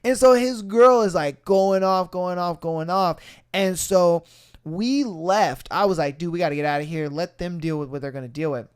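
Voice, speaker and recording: Animated young man telling a wild story. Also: high voice, normal speed, clear, resonant tone. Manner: animated, swearing, acts out voices in quotes. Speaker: podcast host. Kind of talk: casual storytelling chat.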